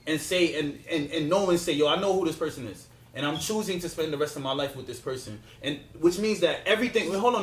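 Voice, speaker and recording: A man with a high, light voice argues hard in a casual podcast debate. He repeats phrases and presses on over interruptions. The sound is roomy and echoey. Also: slight background noise. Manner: insistent, repeats himself, talks over others. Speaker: podcast host.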